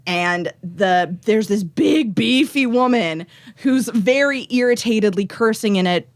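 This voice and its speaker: A woman's voice: on the high side, expressive, a little slow. Giggly woman running a tabletop game. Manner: giggly, joking, laughs often. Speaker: game master.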